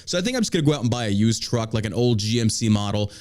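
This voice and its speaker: A man's voice: on the low side, lively intonation, racing, a little mellow. A man hosting a casual talk show, ranting with energy and mocking people in put-on voices. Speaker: podcast host. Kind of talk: casual profane chat.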